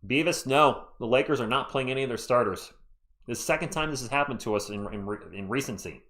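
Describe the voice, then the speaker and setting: A man hosting a live fan play-by-play stream, chatty and excitable, reading and answering viewer chat as he calls the game. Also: mid-range voice, brisk. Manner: excitable, voice jumps up when thrilled.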